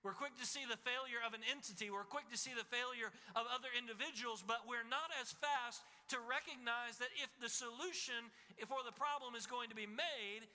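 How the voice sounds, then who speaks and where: Bright-voiced preacher man in echoing hall. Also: very high voice, fairly quick, few pauses. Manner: preaching with emphatic repetition, rising and falling. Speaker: pastor. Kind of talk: sermon. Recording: long hall reverb.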